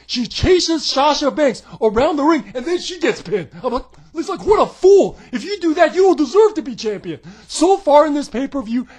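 A man ranting sarcastically as a wrestling reviewer, tossing in rhetorical questions. His voice sits high for a man and sounds husky. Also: a little mellow. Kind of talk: opinionated commentary.

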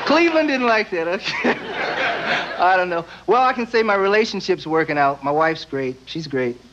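A young man doing a stand-up comedy routine on a TV stage, with deadpan asides and quick silly voices. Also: sits high, noisy background. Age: young adult. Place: TV studio stage before live audience. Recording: dull VHS broadcast audio with loud audience.

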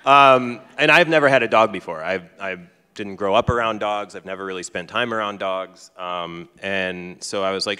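A man's voice: lowish voice, normal speed, bright, forceful tone, clean tone. A man speaking as a guest author before a live audience, telling a story casually and often stopping to restart or laugh. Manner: chatty, heavy on fillers and restarts, laughs often. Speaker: teacher. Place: large hall with an audience. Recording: reverberant hall sound.

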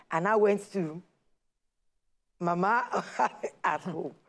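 A woman's voice: on the low side, very slow. A woman telling her personal story on a talk show, acting out the dialogue as she goes. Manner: animated storyteller, acts out quoted dialogue. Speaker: guest sharing her testimony.

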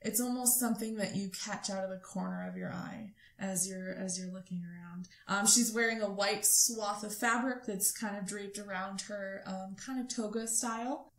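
A woman acting as game master, narrating a tabletop game in a soft-spoken, descriptive way. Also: mid-range voice, roomy sound.

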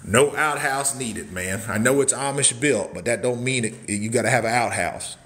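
A man in his forties giving a casual walkthrough of a prefab cabin, folksy and hyped up, shouting catchphrases and whooping between points. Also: medium pitch, moderate pace, slight background noise. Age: 40s. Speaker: cabin seller and social media host.

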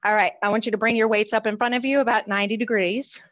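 Cheerful woman fitness instructor with a slightly high voice, counts reps and says y'all, heard over a video call. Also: fairly even intonation, quick pace, a bit bright, poor audio. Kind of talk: leading a seniors' exercise class. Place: church exercise class streamed on a video call.

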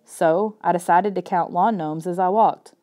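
A woman narrating a children's chapter book aloud in a soft, measured storytelling manner. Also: fairly low pitch, steady tone. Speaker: audiobook narrator. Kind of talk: scripted narration.

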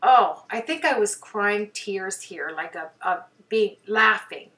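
A woman's voice: mid-range voice, expressive, slow pace, pushed and bright. Chatty woman painter, slightly distant mic. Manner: chatty, rambling, self-deprecating, many fillers. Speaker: hobby painter. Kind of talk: casual voice-over about her own painting.

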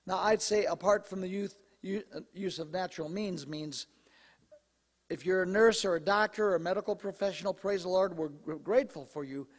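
Preaching a sermon from the pulpit, a pastor speaks briskly in a voice pitched high for a man, slightly hoarse, and he clears his throat at times. He addresses the congregation loosely and conversationally, with joking asides. The long reverb of a church sanctuary surrounds the sound.

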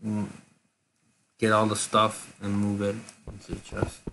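A woman's voice: rumbling low, completely flat delivery, a little slow, background noise. A woman chatting casually while playing a building game, laid-back and goofy. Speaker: gamer. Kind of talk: casual gameplay chat.

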